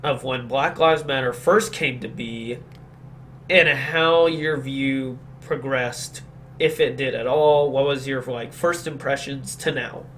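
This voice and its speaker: A man's voice: mid-range voice, fairly even intonation, slow pace, a bit bright, a little hiss or hum. A man hosting a podcast, chatting casually about politics in a blunt, opinionated way and agreeing emphatically. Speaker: podcast host.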